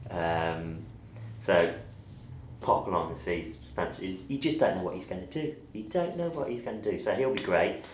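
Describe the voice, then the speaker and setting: A man talking as a guest on a radio show, relaxed and hesitant with ums. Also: low-pitched, moderate pace, reverberant, a little hiss or hum. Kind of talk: casual chat.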